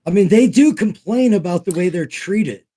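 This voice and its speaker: A man's voice: high voice, animated, moderate pace, dark tone, husky. A man in casual group chat, laid-back and teasing.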